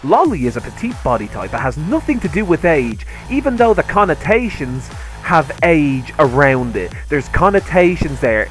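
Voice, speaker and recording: A man's voice: a little high, very animated, moderate pace, soft background music. A man hosting a commentary video, ranting heatedly and sarcastically with constant swearing. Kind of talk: angry rant commentary.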